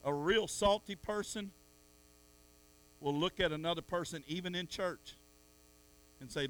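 A middle-aged man preaching a sermon in church, swinging from soft asides to loud calls at the congregation. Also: sits high, unhurried, long pauses. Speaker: pastor.

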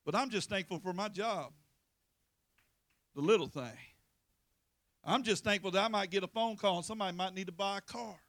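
Man, sermon, pleading, surging loud, high bright voice. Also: normal speed, long pauses, no room sound. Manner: impassioned, pleading, with sudden loud swells. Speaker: preacher.

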